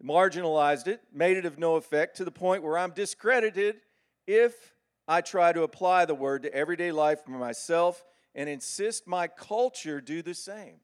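A middle-aged man preaching a sermon with animated, folksy storytelling. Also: fairly high pitch, moderate pace, clear, resonant tone.

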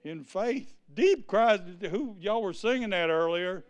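A man preaching a sermon in a church, swinging from quiet asides to loud, lifted preaching. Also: sits high, expressive, measured pace, few pauses, smooth.

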